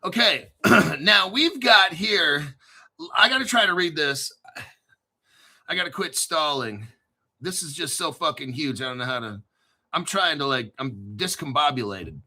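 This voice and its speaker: Jersey guy hosting a crypto show, excitable, swears a lot, rambles, kinda high voice. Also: normal speed. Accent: New Jersey. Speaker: crypto channel host. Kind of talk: casual livestream chat.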